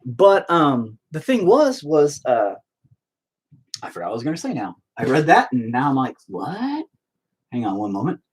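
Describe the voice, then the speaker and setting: A man's voice: medium pitch, sing-song, moderate pace, husky. A man hosting his own online show, telling a story in a profane, sarcastic, rambling rant full of fillers.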